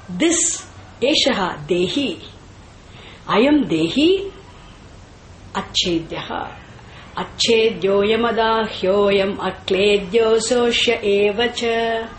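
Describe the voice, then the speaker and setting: Brief: woman lecturing on scripture, very slow and deliberate, echoey room with faint ambience. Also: high voice, a little hiss or hum. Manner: slow and deliberate, repeats and chants Sanskrit terms; asks and answers her own questions. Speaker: teacher of scripture.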